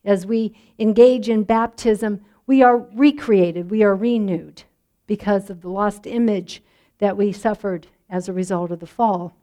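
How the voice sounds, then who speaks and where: A woman pastor preaching a sermon in a measured, reflective way, letting line endings drop softly. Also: mid-range voice.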